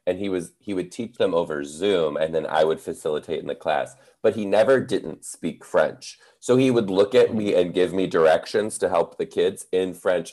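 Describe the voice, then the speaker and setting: A man, a comedian and teacher, chatting as a podcast guest, animated, swearing freely and laughing often. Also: deep voice, moderate pace, hardly any pauses. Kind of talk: casual interview chat.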